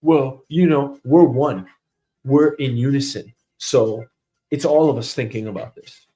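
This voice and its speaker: A man in his thirties hosting a comedic news monologue, ranting sarcastically and swinging between loud outbursts and mutters. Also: mid-range voice, a little slow. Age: 30s. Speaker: host.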